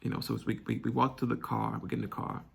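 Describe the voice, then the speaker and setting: A young man telling a personal story candidly, halting and restarting often. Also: medium pitch, flat delivery, gravelly, fairly bright tone, slightly rough. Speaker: vlog host.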